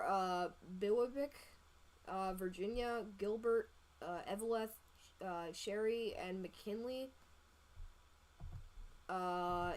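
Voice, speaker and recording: A woman hosting a live storm-tracking stream, talking casually over radar with many fillers and quick self-corrections. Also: medium pitch, a little mellow, rough recording. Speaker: storm-tracking livestream host. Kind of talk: live weather radar commentary.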